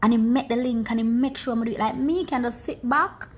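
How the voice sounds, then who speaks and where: A woman's voice: on the high side, brisk, a little hiss or hum. A woman with a Jamaican accent, telling her own story on an Instagram live through a phone mic, stressing points by repeating words. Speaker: social media personality.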